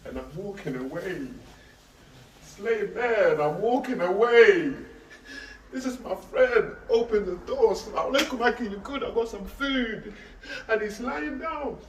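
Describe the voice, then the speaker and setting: A man's voice: sits high, animated, a little slow, a little hiss or hum. A man tells an emotional street talk, intense and repetitive, pleading with listeners he calls Aki. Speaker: speaker recounting a friend's death. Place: outdoors on a street. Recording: echoey, distant, faint ambience.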